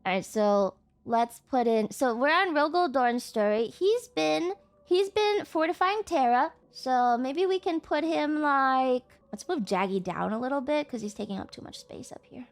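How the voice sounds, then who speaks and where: Young woman streamer, high voice, casual and foul-mouthed, quick to exasperated rants at chat. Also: animated. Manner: profane, exasperated outbursts at chat.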